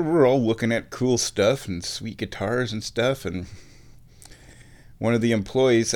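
Rambling man telling a casual story. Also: fairly low pitch. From Omaha, Nebraska. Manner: rambling, chuckling, animated quoted voices.

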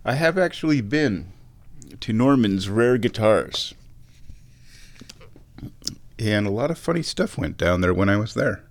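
A man in his thirties from Omaha, telling a rambling, animated story in a casual monologue, chuckling now and then and bringing quoted people to life. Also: fairly low pitch, measured pace, pauses often. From Omaha, Nebraska.

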